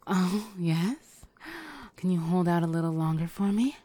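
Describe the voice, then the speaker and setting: A woman in a whispered role-play, teasing and giving commands between breathy whispers and sighs. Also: lowish voice, fairly even intonation, moderate pace, warm tone, no room sound. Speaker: audio role-play performer.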